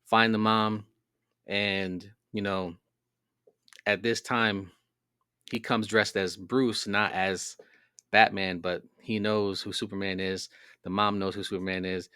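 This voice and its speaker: A man's voice: fairly low pitch, level tone, takes it slowly, pauses often, pushed and bright, clear, resonant tone, dry recording, clean studio sound. A man hosting a podcast, telling a long story in a casual, rambling way with many fillers. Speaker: podcast host. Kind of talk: casual monologue.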